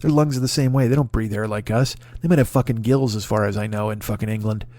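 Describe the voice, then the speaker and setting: A man's voice: lowish voice, fast, dark tone. A man comedian with an American accent doing a rambling, profane comic rant. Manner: profane, rambling, riffing with impressions. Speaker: comedian host.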